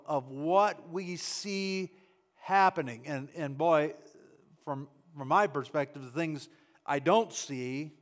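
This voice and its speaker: A man preaching a sermon in a fervent, emphatic way, often restarting and repeating his words as he drives a point home. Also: on the high side.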